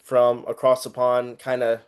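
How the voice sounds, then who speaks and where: Casual man hosting an interview, mid-pitched, relaxed and hesitant. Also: unhurried, clean tone. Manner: relaxed, laughing, hesitant questions.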